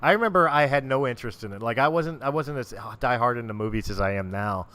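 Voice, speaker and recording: A man co-hosting a casual podcast, relaxed, asking questions and laughing often. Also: mid-range voice, fast talker, clean tone. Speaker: podcast co-host.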